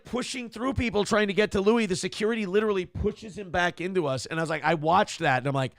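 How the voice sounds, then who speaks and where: A man's voice: sits high, fast, gravelly, few pauses, no room sound, clean studio sound. A man in his forties hosting a morning talk show, telling profane, rambling stories in a casual chat style. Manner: profane, animated storytelling.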